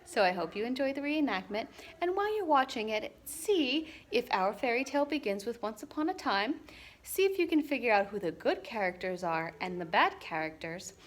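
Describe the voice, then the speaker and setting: A woman librarian giving a scripted introduction for children, explaining things in a clear, friendly way. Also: fairly high pitch, big pitch swings, normal speed.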